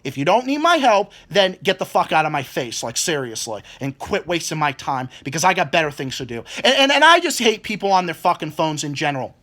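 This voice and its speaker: Swearing young man ranting, high and lively. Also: brisk, few pauses. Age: 20s. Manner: swears constantly, repeats words, mimics people in quotes. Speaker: vlogger. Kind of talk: angry rant.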